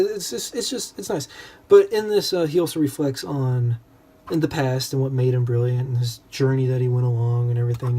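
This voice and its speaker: A man's voice: mid-range voice, mellow, husky. A young man in a casual, rambling book discussion, full of self-deprecating asides. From United States.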